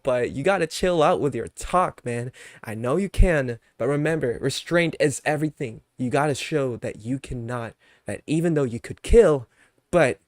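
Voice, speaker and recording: A man's voice: mid-range voice, no echo, clean studio sound. A young man chatting casually on his live stream, ranting with mock anger at his chat, then laughing and apologizing.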